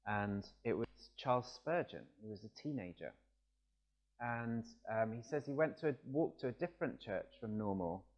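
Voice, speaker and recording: A man preaching a sermon in a conversational, storytelling way that rises to emphatic passages. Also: medium pitch. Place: church, also streamed.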